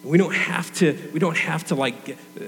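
A man's voice: on the high side, brisk, a bit bright, big-room sound, a little hiss or hum. A young adult man preaching a sermon in a conversational, earnest way.

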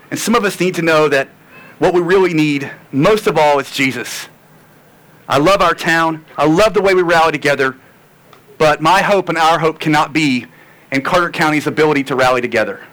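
A man's voice: a little high, a bit bright, poor audio. A man preaching a sermon, earnest and tired, repeating phrases for emphasis. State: tired and sore. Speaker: pastor.

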